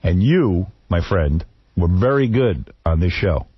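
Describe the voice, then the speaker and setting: Male radio host, low husky voice, lively swings, dull lo-fi broadcast sound. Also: a little slow, no echo. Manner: mocking then earnest. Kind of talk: teasing radio banter.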